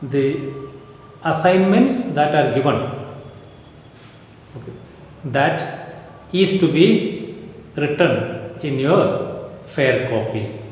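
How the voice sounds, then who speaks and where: Guy teaching english class, slow and repeats stuff, slightly high voice, big echoey hall. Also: lively intonation, darkish tone. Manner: slow and repetitive, repeats key phrases. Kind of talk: recorded class lecture. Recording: very echoey room, long reverb.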